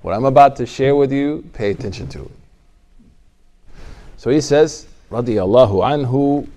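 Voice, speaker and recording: A man's voice: medium pitch, moderate pace, dark tone. A man giving a casual lecture as a religious studies teacher, joking and conversational, at times rising into emphatic exhortation.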